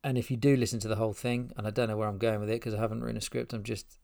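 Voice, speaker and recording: Rambling and restarting often, a middle-aged man with roots in Spain and England addresses his podcast listeners from his spare room, unscripted and heartfelt. He speaks rapid-fire in a lowish, flat, slightly mellow voice touched by vocal fry.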